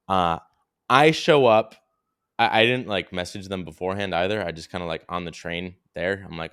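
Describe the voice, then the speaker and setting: A young male podcast co-host rambles casually through a travel story, cursing freely and saying "dude" constantly. His voice is low, slightly bright, and smooth, at a normal pace.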